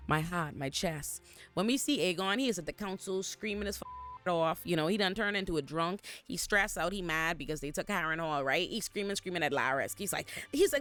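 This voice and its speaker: A man giving an expressive, profane recap of a TV episode, acting out the characters as he goes. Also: sits high, a little fast, faint music behind. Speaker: show recap host. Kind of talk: animated TV recap commentary. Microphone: facing camera.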